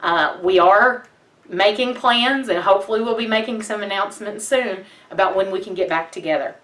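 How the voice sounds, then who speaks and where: A woman's voice: medium pitch, fairly bright tone. A woman teaching a memory verse to children in a patient, encouraging way. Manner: encouraging, patient, speaks slowly when reciting. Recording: roomy sound from a distance.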